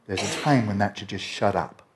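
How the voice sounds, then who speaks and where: Lower-voiced man giving a meditation talk. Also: normal speed. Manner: explanatory, lingering over phrases; mixes Tibetan and Sanskrit terms. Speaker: meditation teacher. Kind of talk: Buddhist Dharma talk.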